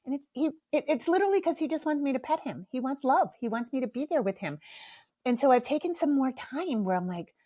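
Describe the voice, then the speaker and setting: A woman's voice: high voice, lively intonation, a little fast, dark tone. A middle-aged woman hosting a podcast alone, talking in a casual, candid way, swearing freely and laughing at herself. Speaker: podcast host. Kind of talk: casual solo podcast talk.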